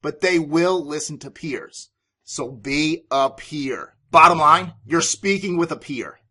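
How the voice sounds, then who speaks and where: A man's voice: a little high, takes it slowly, sharp tone, husky. A man hosting a business podcast, giving sales advice in an emphatic, authoritative way. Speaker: podcast host and sales coach.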